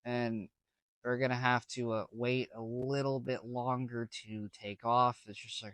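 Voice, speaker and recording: A man's voice: mid-range voice, little pitch movement, measured pace, a bit bright, no room sound. A man casually telling a story to camera, rambling with slang and many restarts. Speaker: vlogger.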